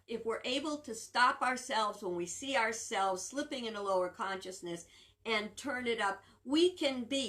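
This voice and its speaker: An older woman giving a casual spiritual talk, earnest and musing, pausing with fillers and restarting her sentences. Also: medium pitch, pushed and bright. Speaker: spiritual teacher.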